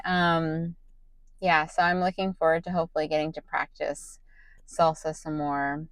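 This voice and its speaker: A woman's voice: deep voice, little pitch movement, moderate pace, dry recording, rough recording. A young woman vlogging late at night with a tired voice, rambling with many ums and restarts. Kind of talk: casual late-night vlog talk.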